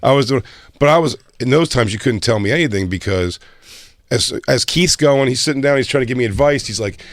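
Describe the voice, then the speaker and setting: A man of middle pitch spins a comedy-circuit story, chuckling as he goes and jumping up high to mimic others. His voice sits close and dry on the mic. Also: expressive, fairly quick, dry recording. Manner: laughing, mimics others in a raised voice. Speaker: comedian co-host. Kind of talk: casual storytelling chat.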